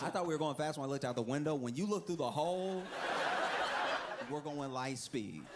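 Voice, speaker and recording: A man's voice: mid-range voice, brisk. Rambling, laughing stand-up man over heavy noise. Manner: laughing storyteller, rambling asides. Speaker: stand-up comedian. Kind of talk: stand-up routine. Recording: loud background noise.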